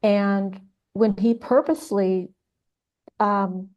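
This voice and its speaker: A woman's voice: medium pitch, fairly even intonation, takes it slowly, lo-fi sound. Middle-aged forensic artist woman: mid-range voice, earnest and indignant, frequent restarts. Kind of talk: casual interview.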